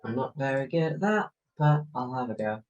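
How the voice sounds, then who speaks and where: A man's voice: mid-range voice, expressive, moderate pace, soft background music, rough recording. Man, mid-range voice, hesitant, tabletop player, fillers. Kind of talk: casual game chat.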